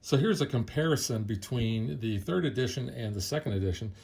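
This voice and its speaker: A middle-aged man in a casual board game review chat, explaining rules in a relaxed way with plenty of ums and uhs. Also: medium pitch, a little fast, gravelly, slightly rough. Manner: relaxed, explanatory, filler-heavy.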